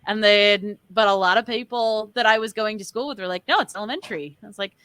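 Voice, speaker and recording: A woman's voice: mid-range voice, fairly even intonation, fairly quick, a bit bright, clean tone, no echo. A woman from the northeastern United States in casual chat on a group art stream, talking chattily and laughing easily, with many "like"s.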